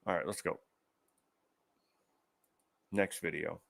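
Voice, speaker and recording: A man's voice: deep voice, fairly even intonation, slow, vocal fry, heavy background noise. A man hosting an online commentary show, ranting angrily about news clips with profanity and sarcasm. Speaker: show host.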